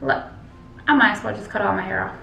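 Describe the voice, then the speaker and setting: A woman's voice: mid-range voice, fairly even intonation, fast talker, gravelly, sharp tone, distant mic. A woman chatting casually to her viewers in a hair tutorial vlog, calling them y'all. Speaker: beauty vlogger. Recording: echoey room with faint music.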